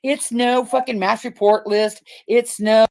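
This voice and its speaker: A woman's voice: a little high, steady tone, measured pace, gravelly, darkish tone. A woman hosting a livestream, talking in a blunt, profane and rambling way. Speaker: livestream host. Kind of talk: casual ranting livestream chat.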